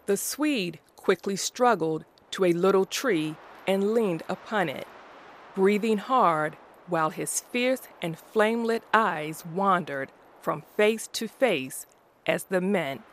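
A woman reading a classic story aloud as narrator, in a slow, deliberate way. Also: medium pitch, lively intonation.

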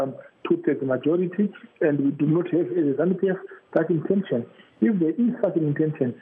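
A man rebuts on a call-in, measured and defensive, filling gaps with ums and uhs. His voice is slightly high. The phone line sounds tinny, with faint background hiss. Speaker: ruling party defender guest. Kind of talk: political debate.

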